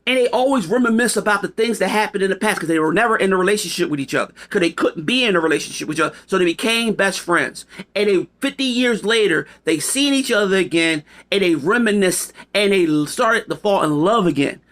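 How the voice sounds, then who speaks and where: A man's voice: sits high, animated, fast, few pauses, a bit bright. A man delivering a rambling, profane opinion monologue to camera, emphatic and casual. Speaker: video commentator.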